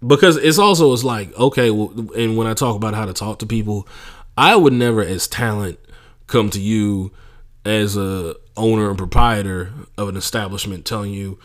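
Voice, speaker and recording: With a fairly low pitch and a moderate pace, this young adult man hosts a podcast and spins casual, profane comedy stories. As a stand-up comedian, he mocks the people he imitates throughout his animated monologue.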